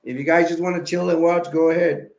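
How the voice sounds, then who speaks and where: A man's voice: on the high side, little pitch movement, fast, darkish tone. A man hosting a casual livestream chat, rambling and playful and laughing easily as he reads viewer comments. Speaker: livestream host. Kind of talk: casual live stream chat.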